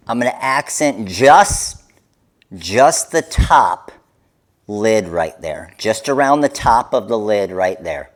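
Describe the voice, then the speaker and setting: A man leads a live craft tutorial, explaining each step to his viewers. He talks at an unhurried, deliberate pace, his pitch sitting in the middle range. His manner stays upbeat and hands-on. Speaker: craft demonstrator.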